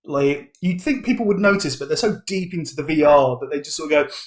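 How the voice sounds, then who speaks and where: A British man narrates as game master in a comedic tabletop game. His voice sits a little high, and his delivery rambles playfully with plenty of filler words. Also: a little fast. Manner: rambling, playful, full of "basically" and "like".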